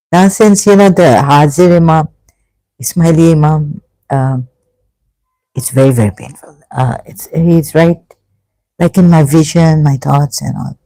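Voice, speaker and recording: Vlogger rambling slow and emotional, lots of sighs and restarts, kinda dark mellow voice, dry sound. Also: medium pitch, no echo, low-quality recording. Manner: reads passages aloud between remarks. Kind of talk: emotional personal monologue.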